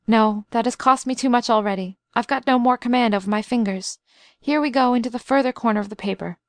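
A woman voicing an excitable young invalid man who is wry, talkative and full of schemes, in a storybook reading. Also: a little high, brisk, dry recording, lightly acted. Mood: wry, fussing.

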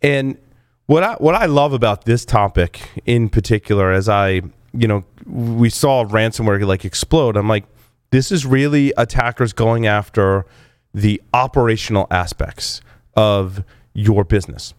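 A man's voice: lowish voice, measured pace, no room sound, clean studio sound. A man hosting a security podcast, talking casually with restarts while on the verge of losing his voice. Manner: energetic, rambling with restarts. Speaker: podcast host. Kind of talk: casual podcast talk and read ads.

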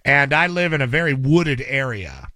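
Middle-aged guy on radio banter, grumbly and dry, bright voice, lots of up and down. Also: medium pitch, big pitch swings, moderate pace, no echo. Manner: grumbling, dry, self-described cranky. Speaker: radio show host. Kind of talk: casual on-air banter.

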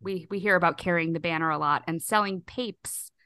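A woman's voice: lowish voice, fairly quick, bright, forceful tone, clear, resonant tone, no room sound. Woman, podcast host, casual movie recap, jokey, dry close sound. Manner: narrates scenes, jokey, laughs often.

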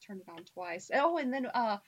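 A woman paranormal investigator telling stories in a casual chat, animated and laughing often, with the hiccups. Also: fairly high pitch, moderate pace, husky, dry recording, dull audio. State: has the hiccups.

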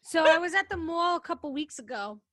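A middle-aged woman with a high voice, chatting as a talk show co-host. She tells stories with animation and acts out every quote. Her voice sounds close and dry, with no room around it. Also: animated, brisk, sharp tone, no room sound. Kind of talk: casual chat, storytelling.

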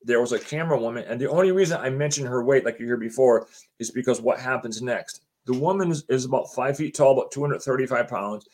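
A homeowner tells his story in a casual, animated way, acting out what other people said. His voice sits at a medium pitch and he talks fast.

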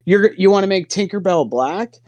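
A man's voice: high-pitched, normal speed, darkish tone, dry recording. A man co-hosting a podcast, blunt and joking, swearing freely in casual chat. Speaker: podcast co-host.

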